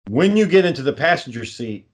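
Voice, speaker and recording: A man's voice: on the high side, sing-song, brisk. A man co-hosting a podcast in casual chat, giving rambling explanations full of fillers and frequent swearing. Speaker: podcast co-host.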